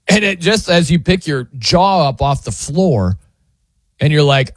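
Speaking slowly in a fairly high voice, a sports radio host tells a casual story full of jokes, acting out the quotes with animation as part of a relaxed sports talk monologue. It's recorded at studio quality with no room sound.

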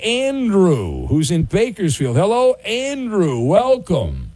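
A man hosting a sports talk radio show, teasing callers with dry, deadpan comebacks. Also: sits high, slow pace, slightly rough, dry recording. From Orange County, California.

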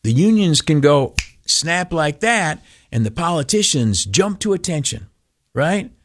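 Rambling, folksy, sarcastic radio host. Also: male voice, a little high, very animated, a little slow, no room sound, studio quality. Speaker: radio talk show host. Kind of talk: opinionated political talk radio.

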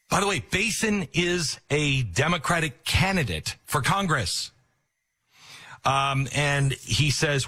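Husky, animated male political commentator. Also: fairly high pitch. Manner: sarcastic, animated retelling with acted-out quotes. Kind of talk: opinionated news commentary.

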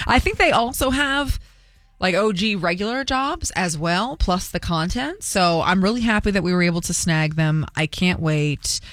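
A woman hosting a morning radio show, chatting excitedly in a bubbly, gushing way with quick asides. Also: on the low side, no room sound.

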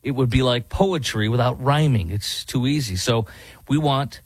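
A man's voice: medium pitch, moderate pace, slightly rough, no echo, low-quality recording. A man guest-hosting a talk radio show, speaking in a casual, conversational way with frequent fillers and restarts.

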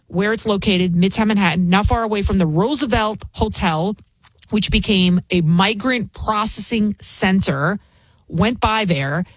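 A woman's voice: medium pitch, no echo. Woman ranting on her commentary show, fired up, asks question after question, dry close sound. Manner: emphatic, indignant, rapid rhetorical questions. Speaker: fill-in host. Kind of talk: opinionated political commentary.

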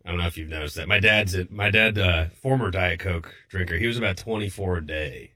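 A man's voice: deep voice, brisk, bright, forceful tone. A man who is a regular on a sports talk show, chatting in a playful, teasing way. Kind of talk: casual talk show banter.

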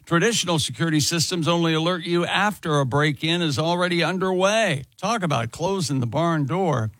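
A radio show host reading a home-security ad in a dry, mock-boastful way. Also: male voice, fairly high pitch, brisk, a bit bright, dry recording. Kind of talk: reading a live ad read.

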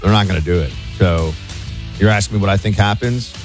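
A man's voice: low voice, fairly quick, music in the background. A man hosting a talk radio show, taking calls in a loose, conversational way with plenty of fillers.

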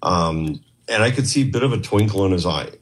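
A man's voice: low voice, expressive, brisk. A man from Canada telling a story in a casual interview, rambling and acting out the dialogue he had with others. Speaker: podcast guest, former investigator.

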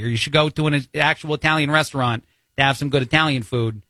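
Talk radio fill-in host, Jersey man, slightly high voice, opinionated and chatty. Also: fast, pushed and bright, dry recording. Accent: New Jersey. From New Jersey. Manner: opinionated, chatty, with many fillers.

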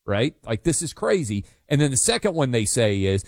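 A man's voice: on the high side, sing-song, normal speed, few pauses, dry recording, clean studio sound. A man hosting a talk radio show, emphatic and sarcastic in casual banter.

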